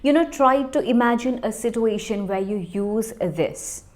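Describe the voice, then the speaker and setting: A woman's voice: on the high side, a little slow, darkish tone. A woman teaching English, speaking directly and encouragingly to learners in a casual way.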